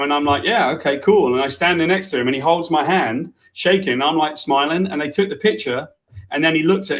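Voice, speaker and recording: A man's voice: a little high, poor audio. A man telling a story in casual chat, blunt and brash, swearing freely, on a video call. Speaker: comic book writer.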